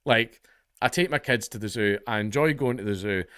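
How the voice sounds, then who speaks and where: A man's voice: medium pitch, fairly quick, fairly bright tone, clean tone, no echo, clean studio sound. A Scottish man hosting comedic news commentary, blunt, profane and exasperated. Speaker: online commentary host.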